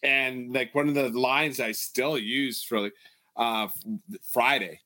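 A man's voice: medium pitch, fairly even intonation, measured pace, bright, forceful tone. A man co-hosting a podcast from Canada, talking sports in a loose, profane and laughing way. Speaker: podcast co-host. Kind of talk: casual sports banter.

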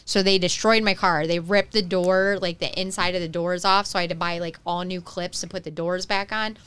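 A woman telling a story in casual chat, relaxed and full of "like" fillers. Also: fairly low pitch, brisk, clean tone. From United States.

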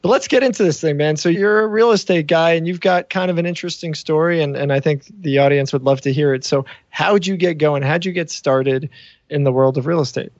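A man hosts a podcast in loose, casual chat, joking and teasing his guest. His voice sits fairly high, recorded dry and close. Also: fairly quick, dry recording, muffled recording. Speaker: podcast host.

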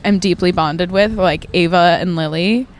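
A woman's voice: fairly low pitch, a little hiss or hum. A young woman in her twenties co-hosting a casual podcast, telling stories in a laid-back way and laughing often. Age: 20s. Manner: giggly storyteller, laid-back and slow. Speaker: podcast co-host. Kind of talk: casual chat.

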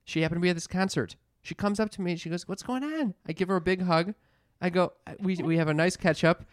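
A man co-hosting a casual chat, telling animated stories with plenty of swearing and acted-out quotes. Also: high-pitched, fast talker, no room sound, clean studio sound. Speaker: podcast co-host.

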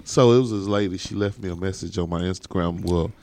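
Gravelly low-voiced man steering the chat. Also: fast talker, a little mellow, no echo. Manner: teasing, steers the talk. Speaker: podcast co-host. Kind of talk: casual panel chat.

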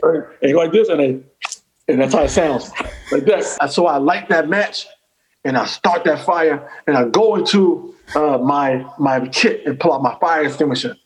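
A man telling a long comic story in casual chat, animated and profane, repeating phrases as he goes. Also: on the high side, moderate pace, slight background noise, rough recording. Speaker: comedian guest.

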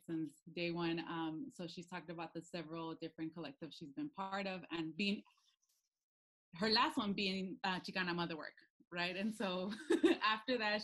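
A woman co-hosting a casual podcast chat, telling funny stories with animated quotes, laughing often and mixing in Spanish phrases. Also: on the low side, poor audio. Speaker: podcast co-host.

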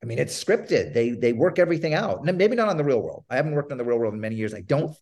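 A man's voice: mid-range voice, fast talker, muffled recording. A man, a TV producer as a podcast guest, telling stories and acting out old phone calls. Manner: animated storyteller, acts out phone calls. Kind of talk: casual interview storytelling.

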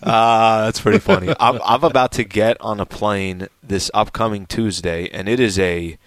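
A man's voice: fairly low pitch, moderate pace, dry recording. Playful male podcast host, dry close sound. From San Diego, California. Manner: animated, playful, talks through stories with asides. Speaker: show host. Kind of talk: casual chat.

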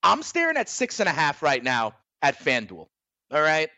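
A man's voice: on the high side, wildly swooping pitch, moderate pace, pushed and bright, no echo. A man co-hosting a sports betting show, chatting conversationally and often checking for agreement. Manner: conversational, asks for agreement with "right?". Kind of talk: casual sports betting talk.

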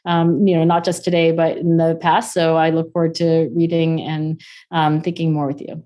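A woman in her forties with a somewhat low voice talks as a guest on an interview show. She speaks briskly and loosely, with plenty of "like" and "um", and she often acts out bits of conversation. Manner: animated, acts out quoted dialogue in raised voices; fast-talking with frequent "like" and "um".

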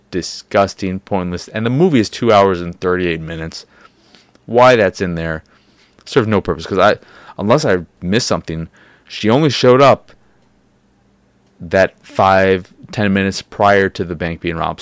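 A man's voice: low-pitched, expressive, moderate pace, no echo. A man hosting a podcast, rambling in casual talk with lots of fillers and hedges. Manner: rambling, hedging, many fillers. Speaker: podcast host.

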